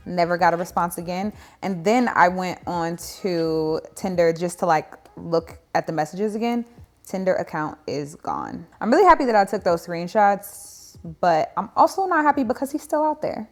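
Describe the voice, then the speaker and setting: A young adult woman telling a dating story in a casual vlog, animated and sarcastic with emphatic asides. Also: lowish voice, normal speed, soft background music.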